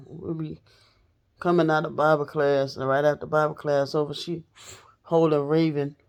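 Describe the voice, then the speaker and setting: A woman's voice: deep voice, flat delivery, moderate pace, a little mellow, smooth. A woman telling a personal story straight to her viewers in a casual, blunt, profane way. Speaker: storytelling vlogger.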